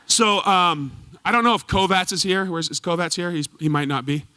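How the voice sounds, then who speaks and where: A former goalkeeper at a tribute event tells lively, laughing stories about his old coach to a live audience from a performance hall stage, acting out the quotes. His high voice is clear and resonant, and he talks fairly quickly in an animated way.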